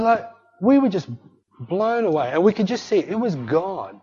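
A man preaching a sermon, telling a personal story and acting out the dialogue with a husky voice. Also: sits high, sing-song, normal speed, a little mellow. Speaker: pastor. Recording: dull lo-fi recording.

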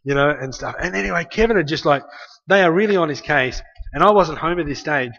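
A man's voice: a little high, expressive, a little fast, a bit bright. An Australian man preaching, telling a family story in a loose, conversational way with many restarts. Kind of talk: sermon storytelling. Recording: slightly muffled lo-fi recording.

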